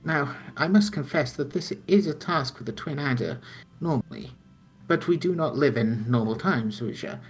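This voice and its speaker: A man's voice: fairly high pitch, animated, normal speed, soft background music, close to an everyday voice. Man reading as a formal quest-giver. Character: formal male quest-giver, courteous and urgent. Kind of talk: reading game dialogue aloud.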